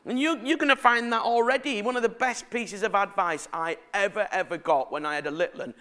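A middle-aged man preaches in a high voice at a fairly quick clip. His sermon is chatty and animated, filled with family stories and questions aimed at the congregation.

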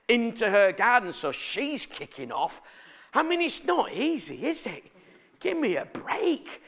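A middle-aged man preaching a sermon, telling family stories in a chatty, animated way and asking the congregation questions. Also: high-pitched.

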